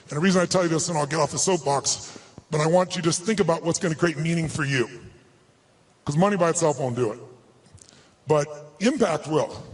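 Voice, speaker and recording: A man giving a live motivational talk to an audience, telling a personal story in an emphatic, earnest way. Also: a little high. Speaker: motivational speaker.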